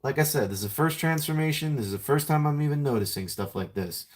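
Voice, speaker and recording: A man's voice: a little high, animated, fast. Rambling man reviewing toys on a live stream. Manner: rambling, self-mocking, talks to chat while fiddling.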